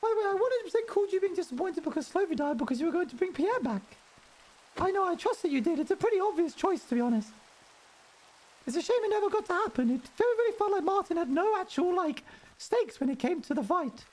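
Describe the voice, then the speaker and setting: Guy streaming in a super high head voice, chatty, rambly, laughs a lot. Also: lively intonation, fast, darkish tone. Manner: speaking in a put-on high head voice. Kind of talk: casual live-stream chat while gaming.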